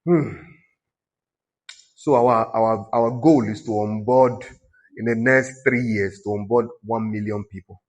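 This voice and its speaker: With a lowish voice and a measured pace, a Nigerian pastor preaches conversationally, exhorting the congregation and poking fun at them as he goes.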